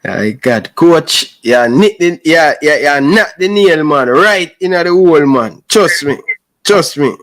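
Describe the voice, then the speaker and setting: Male host, casual interview, easygoing, slips into patois, slightly high voice. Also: slow pace. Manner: relaxed, mixes in patois. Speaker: show host.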